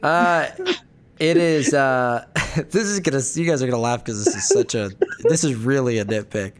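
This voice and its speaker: A man with a medium-pitched voice talks at a moderate pace with a smooth sound. Co-hosting a casual film review podcast, he jokes and rambles, often interrupting and restarting himself.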